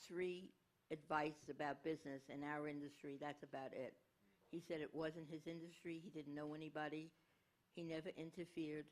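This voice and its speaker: A woman in her eighties speaking frankly and wryly as a panel guest. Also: sits low. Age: 80s. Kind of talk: reflective panel talk.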